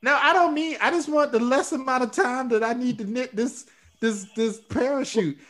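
A woman hosting a comedy podcast, playing quick improvised characters in a playful way. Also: high voice, a bit bright.

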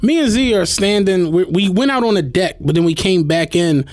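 Animated, high-voiced male podcast host. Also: normal speed. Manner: animated, profane, laughs often while telling a story. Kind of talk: casual chat, storytelling.

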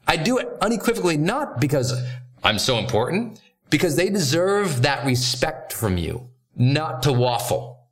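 Male host, motivational coaching talk, direct and emphatic, slightly higher voice. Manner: direct, emphatic, with quick asides and laughs.

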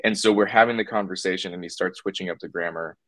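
A man's voice: low-pitched, quick pace, a bit bright, no room sound. A man talking as a puppeteer guest in a casual interview, rambling with lots of fillers and restarts.

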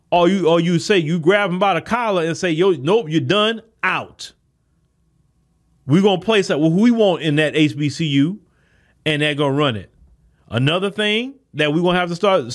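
Male podcast host, higher-pitched voice, preachy solo commentary. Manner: preachy, emphatic, rhetorical questions to listeners.

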